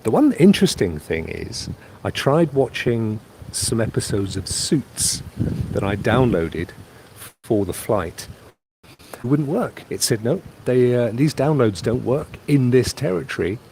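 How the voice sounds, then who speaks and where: Very animated yet a little slow, this Englishman has a mid-range, darkish voice with vocal fry, and the audio carries a little hiss or hum. He is live streaming from a private holiday pool, reading viewer comments aloud and rambling about his trip.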